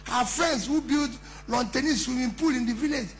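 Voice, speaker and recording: A man's voice: extremely high pitch, fairly quick, noisy background. A middle-aged man with a Nigerian accent, giving an impassioned campaign speech at a conference, emphatic and full of rhetorical questions. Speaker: politician addressing a conference.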